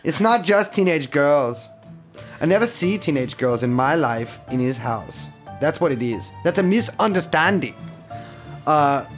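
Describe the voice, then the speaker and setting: A man's voice: a little high, natural voice. A man doing a cagey Russian-accented bodyguard. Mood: insistent. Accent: put-on Russian, slipping toward German and Polish. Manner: broken English, defensive, denies everything. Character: male Russian bodyguard and trainer, evasive. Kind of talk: comedic reenactment of an interview transcript.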